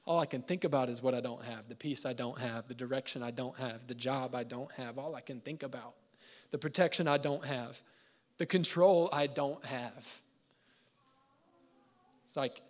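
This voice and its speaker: A man preaching a sermon as pastor, mixing scripture with joking asides and laughter, swinging between loud emphasis and quiet, slow lines. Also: mid-range voice. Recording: long hall reverb.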